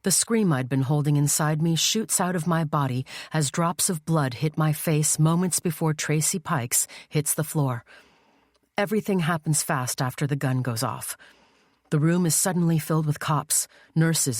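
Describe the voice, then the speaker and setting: A woman reading a first-person thriller audiobook in a measured, tense storytelling voice. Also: deep voice, a little mellow, dry recording. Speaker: audiobook narrator. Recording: dry studio voice-over.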